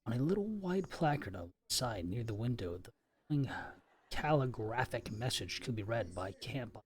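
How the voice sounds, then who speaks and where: A man's voice: mid-range voice, sing-song, normal speed. A man reading a novel aloud on a live stream, stumbling over words now and then and stopping for offhand asides.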